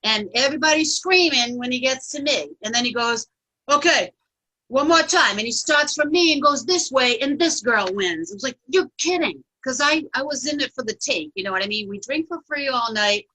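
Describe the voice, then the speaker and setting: A middle-aged woman comedian telling a funny story in a lively, laughing group chat. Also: on the high side, brisk, few pauses, low-quality recording. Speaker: comedian guest.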